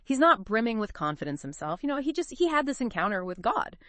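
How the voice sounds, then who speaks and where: A woman's voice: on the high side, sing-song, quick pace, fairly bright tone, dry recording. Woman cohost on a bible podcast, lots of "you know" and questions, dry close sound. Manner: chatty, full of fillers and rhetorical questions. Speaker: podcast co-host. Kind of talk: casual Bible discussion podcast.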